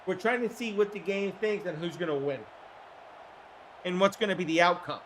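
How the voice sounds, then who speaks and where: A man with a hoarse throat hosting a livestream, giving casual play-by-play commentary in an excitable, chatty way with casual swearing. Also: high-pitched, moderate pace, slight background noise. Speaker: livestream host.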